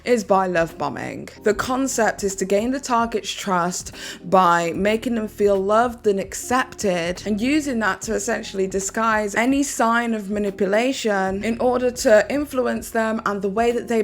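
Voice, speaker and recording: Woman narrating commentary over soft music. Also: medium pitch, unhurried. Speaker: commentary YouTuber.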